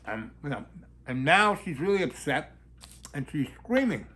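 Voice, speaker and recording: A man telling a long, rambling personal anecdote in a halting way, with many restarts. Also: on the high side, sing-song, pushed and bright. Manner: halting, full of fillers and restarts, acts out quoted voices. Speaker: storyteller.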